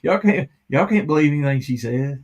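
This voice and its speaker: A man's voice: fairly high pitch, expressive, a little fast, a little mellow. A man hosting a live stream, chatting casually, rambling and laughing often.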